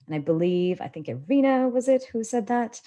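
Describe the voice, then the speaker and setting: On a video call through her laptop, a woman coaches public speaking in a live webinar with a fairly high voice at normal speed. She teaches animatedly, her tone swinging widely and expressively.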